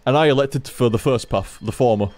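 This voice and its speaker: A man's voice: mid-range voice, brisk, a little mellow, no echo. A man streaming from home at his computer, rambling casually to viewers, swearing freely and repeating himself. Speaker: game streamer.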